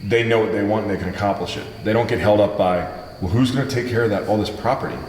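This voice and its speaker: A man's voice: lowish voice, quick pace, darkish tone, slight background noise. A man who is a guest on a podcast, chatting in a laid-back way and recounting memories. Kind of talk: casual chat. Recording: echoey room with long reverb, faint ambience.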